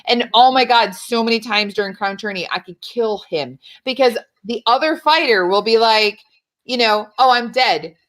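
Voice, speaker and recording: Animated chatty woman telling stories. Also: fairly high pitch, normal speed. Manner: animated storytelling, acts out quotes, swears and laughs often. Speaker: podcast guest. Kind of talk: casual chat.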